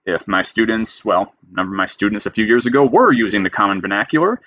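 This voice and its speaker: Emphatic writing teacher, low and dry. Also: male voice, brisk, few pauses, bright, forceful tone, dry recording, highs cut off. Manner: emphatic, reads a rule then explains it plainly. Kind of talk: lecture reading rules with commentary.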